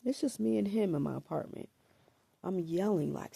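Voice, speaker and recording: A woman with a gravelly, husky voice and a throat scratchy from allergies tells her own story to camera. She talks slowly and haltingly, repeating words and filling pauses with "like" and "um." Her tone is mellow and dark, and the sound is dry and close. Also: fairly low pitch, lively intonation, no room sound. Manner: halting and hesitant, repeats words and fills with 'like' and 'um'.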